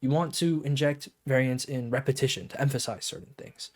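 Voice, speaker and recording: A man's voice: mid-range voice, a little fast. Chatty young male game coach. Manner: rambling with many fillers, grows lively and emphatic. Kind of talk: casual coaching talk to camera.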